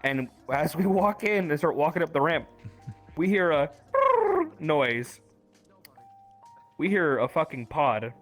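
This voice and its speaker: Animated man swearing through a story. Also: on the high side, slow, pauses often, soft background music. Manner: animated storytelling, swears often, acts out quotes. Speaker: roleplay streamer recapping. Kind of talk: casual chat.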